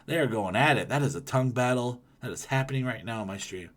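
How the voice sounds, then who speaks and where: A man streaming live, chatting casually with his viewers and reading their comments, rambling and swearing, with loud ranting bursts. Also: medium pitch, lively intonation, a little fast. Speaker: livestreamer.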